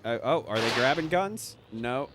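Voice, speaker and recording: Excitable, swearing young movie reviewer. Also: male voice, mid-range voice, moderate pace, background noise. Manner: excitable, sarcastic and profane. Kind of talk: casual movie commentary.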